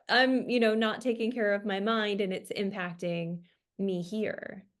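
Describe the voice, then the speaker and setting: A woman's voice: mid-range voice, steady tone, a little slow. A woman hosting a podcast interview, asking long and curious questions. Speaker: podcast host. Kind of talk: conversational interview.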